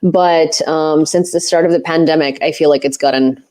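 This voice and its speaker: Rambling woman host with a low voice. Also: fairly even intonation, moderate pace, mellow. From Ukraine. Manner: rambling, many fillers, laughs often. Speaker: host, independent reporter. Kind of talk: casual livestream chat.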